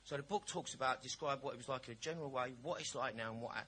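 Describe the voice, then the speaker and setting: A man's voice: mid-range voice, quick pace, a bit bright, slight background noise. A man giving a personal share at a recovery meeting, telling his story in a chatty, blunt, jokey way.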